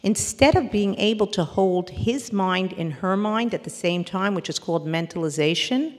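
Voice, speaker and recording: A woman's voice: medium pitch, lively intonation, normal speed. Emphatic woman lecturing in a reverberant hall. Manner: earnest, emphatic, breaks off and restarts mid-word. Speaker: therapist and parenting lecturer. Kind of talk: workshop lecture.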